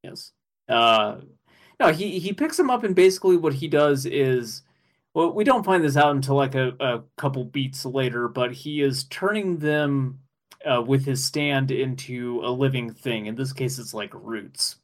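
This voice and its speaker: A man co-hosting a podcast, chatting casually and excitedly, laughing often and rambling with fillers. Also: mid-range voice, unhurried. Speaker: podcast co-host. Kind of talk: casual chat recapping an anime episode.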